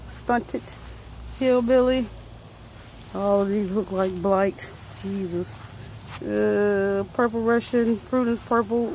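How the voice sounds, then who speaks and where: A woman's voice: medium pitch, darkish tone, a little hiss or hum, poor audio. A woman, out of breath, casually walking through her vegetable garden and muttering plant names as she films. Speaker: gardening vlogger.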